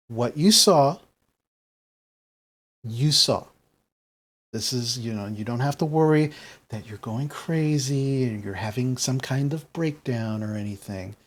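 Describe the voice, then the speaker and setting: A man voicing a kindly older woman who fusses over a shaken teen and repeats her words in twos and threes. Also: medium pitch. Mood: reassuring.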